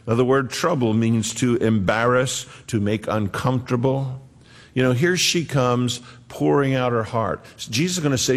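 A man's voice: mid-range voice, a little slow. A man preaching a sermon in an earnest, conversational way, acting out the quotes he tells. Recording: long hall reverb.

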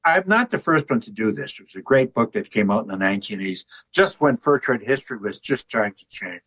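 Older man with a husky voice. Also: mid-range voice, rough recording. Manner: relaxed anecdotal telling, chuckles at his own jokes. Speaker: author and artist, guest. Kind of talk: conversational interview storytelling.

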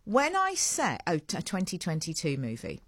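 A woman's voice: on the low side, huge pitch swings, normal speed, fairly bright tone, husky, no echo. A woman hosting a radio breakfast show, chatting in a rambling, self-mocking way.

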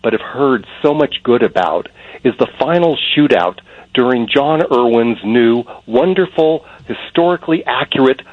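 A man's voice: medium pitch, lively intonation, moderate pace, no room sound. A man calling in to a radio show, talking earnestly in long run-on sentences over a phone line. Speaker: caller. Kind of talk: phone-in call. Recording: dull muffled phone-in line.

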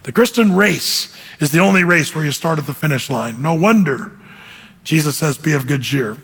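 A man preaching a sermon as pastor, lively and animated, acting out quoted voices. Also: fairly high pitch, normal speed, vocal fry, breathy edge. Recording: hall reverb.

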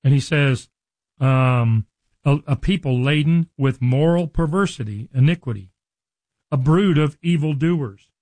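A man preaching, reading scripture slowly and then breaking into plain, earnest commentary. His voice sits a little high for a man and comes across close and dry, with almost no room sound. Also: darkish tone, dry recording, poor audio. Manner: addresses listeners directly.

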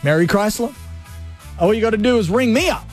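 A man's voice: sits high, animated, fairly quick, faint music behind. A man hosting a radio show, playful and jokey as he chats to listeners from his studio. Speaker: radio host. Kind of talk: energetic radio banter.

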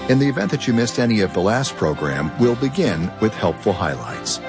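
A man announcing a radio program in a smooth, measured, scripted introduction. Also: lowish voice, sing-song. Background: music bed.

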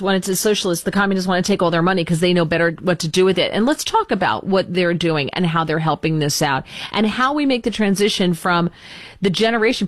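A woman hosting a talk radio show, talking quickly in a chatty, exasperated way. She pokes fun at herself as she complains. Her voice sits dry and close with no room around it. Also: mid-range voice, no room sound. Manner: chatty, exasperated, self-deprecating.

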